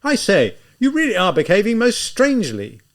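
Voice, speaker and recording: A man's voice: high voice, wildly swooping pitch, normal speed, voice pushed up. A man reading aloud, voicing a flustered, defensive young male clerk in an audiobook. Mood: agitated. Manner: anxious, rising and protesting. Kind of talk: audiobook character voice.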